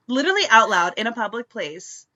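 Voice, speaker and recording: A woman co-hosting a podcast, mostly giving short, supportive reactions in casual chat. Her voice is bright. The recording sounds a little dull and muffled. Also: on the high side, sing-song, moderate pace, a little hiss or hum. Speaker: podcast co-host.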